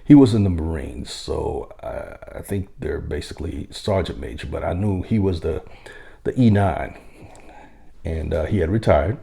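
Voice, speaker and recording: A man, a military veteran, telling a story in a casual, unhurried, conversational way with occasional chuckles. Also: rumbling low, vocal fry, warm tone.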